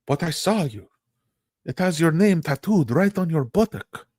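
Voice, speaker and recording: A man's voice: on the high side, lively intonation, measured pace, darkish tone, no room sound, clean studio sound, pitched above the performer's own voice. A man voicing a suspicious soap opera wife with an accusing, melodramatic manner.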